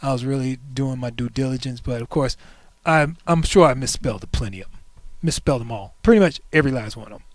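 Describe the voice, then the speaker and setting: A man's voice: mid-range voice, quick pace, no echo. A man in his forties hosting a livestream, chatting casually in a playful, joking way and talking back to the chat. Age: 40s. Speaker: stream host.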